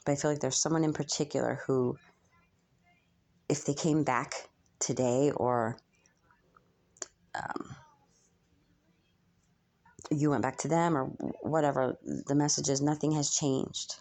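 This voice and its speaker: A woman's voice: low-pitched, fairly even intonation, measured pace, pauses often, darkish tone. A young woman channeling messages for her viewers in a spiritual reading, musing aloud with frequent ums and hesitations.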